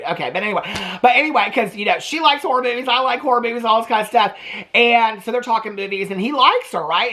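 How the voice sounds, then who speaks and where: Gossipy man dishing on reality TV. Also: sits high. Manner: gossipy and animated, peppered with "okay?" and "like". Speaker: TV reaction vlogger. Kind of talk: chatty gossip about a reality show.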